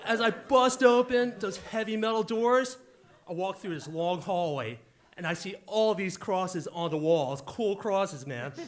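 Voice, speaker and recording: Man, 40s, fairly high voice, wisecracking live storyteller on a stage mic. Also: animated, a little slow. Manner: jokey, punchy, wisecracking.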